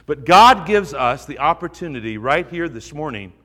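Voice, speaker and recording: A man's voice: on the high side, sing-song, normal speed, sharp tone, in a large hall. A male pastor preaching a sermon, earnest and urging, repeating phrases for emphasis.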